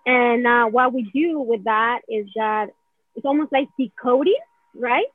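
Rambling woman with a husky, tinny sound. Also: fairly high pitch, unhurried, no echo. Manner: rambling, repeats "right?" and "like"; acts out feelings in quoted asides. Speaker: guest explaining a healing technique. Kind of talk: casual conversational explanation. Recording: dry, phone-like narrow sound.

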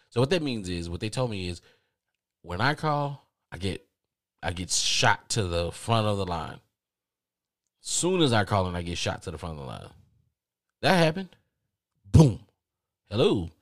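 Deep-voiced man ranting casually. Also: fairly bright tone, no echo, studio quality. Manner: exasperated storytelling, swears freely. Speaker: podcast host.

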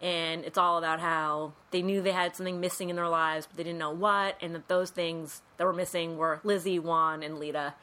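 A woman's voice: on the low side, steady tone, normal speed, few pauses, pushed and bright. A woman co-hosting a podcast, casually recapping a film and acting out the quotes. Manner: chatty, acts out quotes, says 'like' a lot. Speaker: podcast co-host.

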